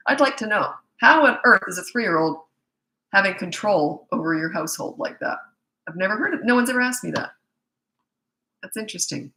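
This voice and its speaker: A woman's voice: medium pitch, expressive, brisk, bright, forceful tone. Blunt middle-aged woman, parenting coach. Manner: blunt, opinionated, emphatic. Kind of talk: live Q&A answering viewer questions. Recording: echoey room.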